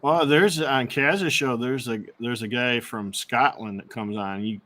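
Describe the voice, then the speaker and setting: A man in casual chat, telling stories in a relaxed way with plenty of restarts. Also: mid-range voice, a little slow. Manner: relaxed storytelling with fillers and restarts. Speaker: co-host.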